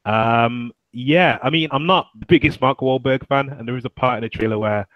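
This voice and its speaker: Film trailers are the topic as this male podcast co-host talks in a lively, casual way, cursing without restraint and imitating lines. His voice is mid-range at normal speed, on a dry recording with the highs cut off.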